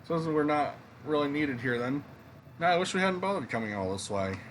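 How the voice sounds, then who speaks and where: A man's voice: on the high side, animated, fairly quick, a little hiss or hum, natural voice. A man voicing a rude, boastful young male villager who mocks and insults others in a video game. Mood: grumbling. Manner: mocking, insulting, swaggering.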